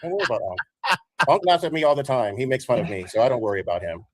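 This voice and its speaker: Fast-talking man asking persistent questions. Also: mid-range voice, very animated, no echo. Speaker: caller. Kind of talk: questioning on an online panel.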